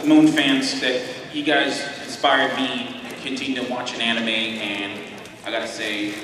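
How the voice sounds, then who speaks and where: A man's voice: medium pitch, level tone, unhurried. A man in the audience of a convention panel, speaking earnestly and thanking the cast. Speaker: audience member. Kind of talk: fan question at a panel. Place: large convention hall. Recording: echoey hall mic from far off with crowd.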